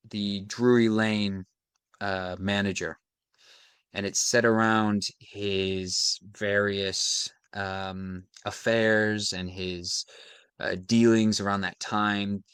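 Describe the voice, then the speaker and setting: Young American male actor, smooth clear tone, thoughtful interview guest. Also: lowish voice, a bit bright, no room sound, studio quality. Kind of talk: casual interview.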